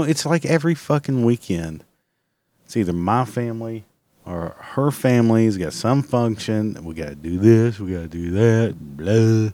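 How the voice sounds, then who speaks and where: A man with a fairly low voice rants his way through a solo podcast, blunt and rambling, with swearing in nearly every sentence. The sound is close and dry, with no room around it. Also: a little mellow, no room sound. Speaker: podcast host. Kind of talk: casual solo podcast rant.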